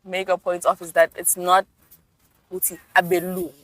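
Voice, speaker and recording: A woman argues her side in a relaxed couch talk. Her voice is a little low for a woman, and her delivery is animated, with laughs woven in as she switches between English and Zulu. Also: normal speed. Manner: animated, mixes English and Zulu, laughs while making points. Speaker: podcast co-host. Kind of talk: casual chat.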